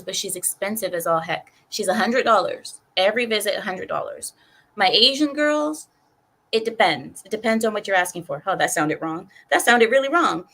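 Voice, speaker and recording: A woman's voice: medium pitch, a bit bright. A woman hosting a casual livestream, reading chat comments aloud in a chatty, rambling way and laughing often.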